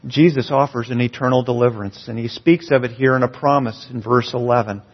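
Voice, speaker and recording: A pastor preaching a sermon in a church, earnest and building emphasis on key phrases. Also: male voice, medium pitch, steady tone, fairly quick. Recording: dull, slightly lo-fi sound.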